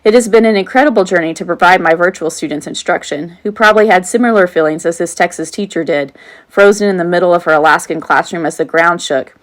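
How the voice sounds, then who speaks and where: A woman in her forties narrates her own audiobook as a teacher, her voice sitting a little low for a woman. She reads earnestly and now and then breaks off into a casual aside before going back to the text. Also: fast talker. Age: 40s. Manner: earnest reading with off-script asides. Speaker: teacher and author reading her own book. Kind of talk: self-read audiobook narration.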